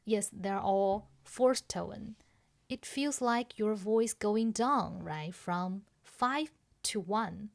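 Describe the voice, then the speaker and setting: A woman's voice: medium pitch, very slow, creaky. A woman hosting a podcast pronunciation lesson, explaining patiently step by step and checking that listeners follow. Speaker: language teacher and podcast host.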